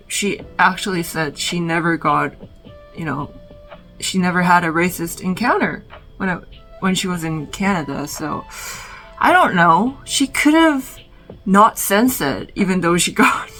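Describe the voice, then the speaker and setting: A woman vlogging from her bedroom, talking about films in a reflective, halting way full of "like". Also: on the low side, vocal fry, fairly bright tone, rough recording. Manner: reflective, halting, heavy use of "like". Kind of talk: casual film recommendations.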